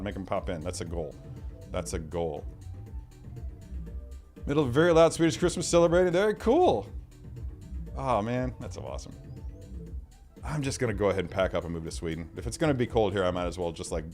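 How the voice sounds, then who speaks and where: A man's voice: lowish voice, expressive, brisk, pauses often, darkish tone, soft background music. A man hosting a casual livestream, reading out viewer comments in a chatty way. He often repeats himself and trails off into mumbled asides. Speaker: livestream host.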